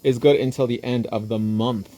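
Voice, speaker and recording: A man's voice: mid-range voice, fairly even intonation, dark tone. A man hosting a casual livestream, chatting and joking while doing nails. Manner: chatty, jokey, drawn-out asides. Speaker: nail artist and livestream host.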